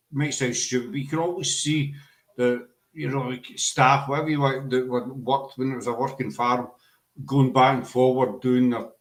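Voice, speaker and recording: A man's voice: mid-range voice, fairly bright tone. A man with a Scottish accent hosting a casual podcast chat, rambling and self-deprecating, often restarting his sentences. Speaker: podcast host. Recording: echoey room.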